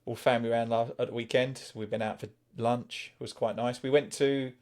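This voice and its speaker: A man's voice: medium pitch, steady tone, a little fast, a little mellow. A man hosting a football podcast in a chatty, rambling way that breaks into easy laughs. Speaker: podcast host. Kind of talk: casual podcast chat.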